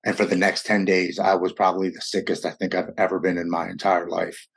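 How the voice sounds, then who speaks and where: A man's voice: low-pitched, flat delivery, a little fast, vocal fry, breathy edge. Earnest man in his forties, stammering restarts. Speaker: guest sharing a recovery story. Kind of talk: personal storytelling in conversation.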